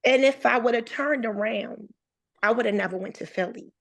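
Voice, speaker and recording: A woman's voice: fairly high pitch, normal speed. A woman in her thirties, a podcast guest, telling a personal story in casual conversation and acting out the voices of the people in it. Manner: animated storyteller, acts out quoted voices.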